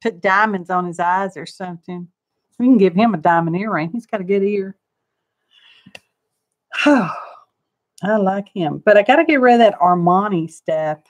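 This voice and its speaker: A woman's voice: mid-range voice, a little slow, pauses often, no echo. A woman, chatting homily and rambling to her viewers as she works through a live craft demonstration. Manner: homey, rambling, talks to herself and viewers while working. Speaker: crafting channel host.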